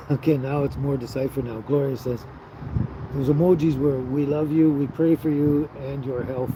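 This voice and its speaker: Laid-back guy chatting on a livestream outside, mid pitch, traffic rumbling in the background. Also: fairly even intonation, normal speed. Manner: easygoing, chuckles often, trails off with fillers. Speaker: livestream host reading viewer chat. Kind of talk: casual live chat. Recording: outdoor livestream with noticeable traffic noise.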